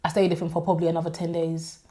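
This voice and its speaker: A woman's voice: fairly low pitch, level tone, dark tone. Candid woman sharing heartbreak. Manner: emotional, confessional, quick to laugh. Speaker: podcast co-host. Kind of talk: candid personal storytelling.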